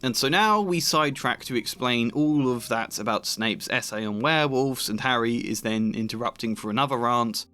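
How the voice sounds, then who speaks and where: A man's voice: mid-range voice, normal speed, hardly any pauses, sharp tone. A man giving analytical book-critique commentary as a video essayist, mildly exasperated.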